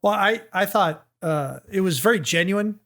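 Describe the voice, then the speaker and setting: Gravelly-voiced man chatting on a podcast. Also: sits high, expressive, moderate pace, a bit bright. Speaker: podcast co-host. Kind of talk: casual chat.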